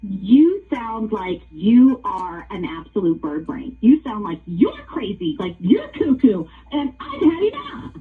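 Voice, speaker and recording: A woman's voice: mid-range voice, big pitch swings, takes it slowly, few pauses, breathy edge. A woman on a phone call, worried and then indignant and threatening. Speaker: prank call target. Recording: tinny phone line.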